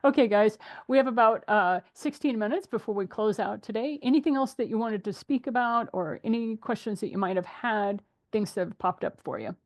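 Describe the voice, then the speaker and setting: A middle-aged woman hosts a relaxed group conversation. She tells animated, lively stories and often breaks into laughter. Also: a little high, a little fast. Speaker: host. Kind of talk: casual group chat.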